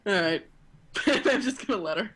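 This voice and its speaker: A woman's voice: mid-range voice, lively intonation, normal speed, fairly bright tone, breathy edge. A woman playing a tabletop role-playing game, casual and giggly. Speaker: player. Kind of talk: tabletop role-play chat.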